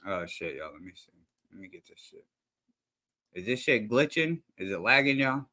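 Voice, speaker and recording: A man with a bright, forward voice comments on a clip he watches with his viewers. He talks in loose slang and swears freely, and his sentences ramble and restart. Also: on the low side, big pitch swings, normal speed. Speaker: streamer reacting to a clip. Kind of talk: casual commentary.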